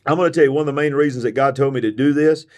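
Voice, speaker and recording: A man's voice: mid-range voice, very fast, a little mellow. A man delivers a sermon-style podcast with fiery, emphatic conviction and leans hard on repetition. His voice sounds tired, yet he keeps pushing forward like a preacher in full flow. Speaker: preacher and show host.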